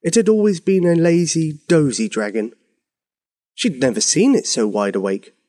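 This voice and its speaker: A man narrating a bedtime story for young children, expressive and animated. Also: on the high side, moderate pace.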